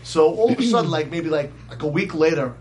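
Brief: animated male storyteller with a high voice who laughs along as he tells it. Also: fairly quick, slight background noise. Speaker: guest storyteller. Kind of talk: casual storytelling.

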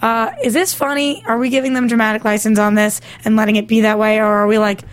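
A woman's voice: fairly high pitch, level tone, fast talker, hardly any pauses, smooth. A young woman co-hosting a show in bubbly, jokey casual chat. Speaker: co-host.

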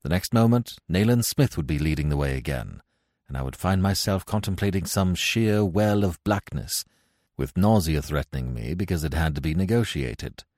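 A man giving scripted narration of a classic tale in a measured, expressive way. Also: low-pitched, dry recording, clean studio sound. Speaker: audiobook narrator.

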